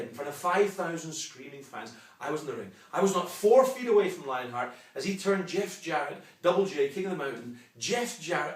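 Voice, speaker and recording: Combative Scottish man with a lively voice. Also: on the high side, distant mic. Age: 40s. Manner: combative, mocking, boastful. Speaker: wrestling promoter. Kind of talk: wrestling promo rant. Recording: echoey room, off-mic.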